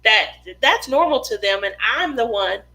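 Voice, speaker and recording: A woman's voice: fairly high pitch, animated, moderate pace, pushed and bright, poor audio. A craft channel host, a woman, chatting casually on a live stream and reading viewer comments, giggly and laughing often.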